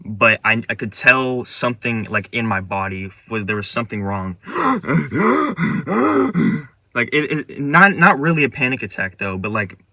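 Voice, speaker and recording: A man's voice: fairly low pitch, moderate pace, hardly any pauses, bright, forceful tone, no room sound. A man casually recounting a dream in a rambling way, with lots of restarts and filler words. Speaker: vlogger. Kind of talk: casual dream retelling monologue.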